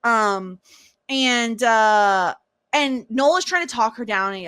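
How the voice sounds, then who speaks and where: Woman podcast host, fairly high voice, chatty and animated, dry close mic. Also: takes it slowly, smooth, dry recording. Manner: chatty, animated, laughs often, quotes characters. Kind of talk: casual chat recapping a TV episode.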